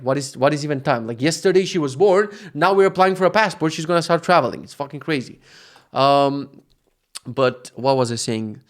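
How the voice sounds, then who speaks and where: A man in his thirties with an Eastern European accent, hosting a casual solo podcast, rambling and swearing, often breaking off mid-sentence. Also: fairly high pitch. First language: Macedonian. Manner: rambling, profane, self-interrupting. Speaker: podcast host.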